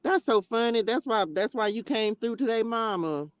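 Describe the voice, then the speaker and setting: A woman's voice: on the high side, normal speed, smooth, no room sound. Chatty woman livestream host, dry sound. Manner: chatty and expressive, calls viewers baby and child, bursts of laughter. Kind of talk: casual livestream chat with viewers. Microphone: tablet mic.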